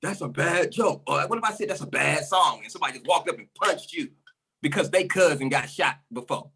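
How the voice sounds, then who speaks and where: A man's voice: fairly high pitch, expressive, a little fast, vocal fry, bright, forceful tone, husky. A man on a podcast, ranting with passion and repeating himself for emphasis, a little out of breath. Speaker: resident comic on podcast. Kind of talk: casual podcast chat.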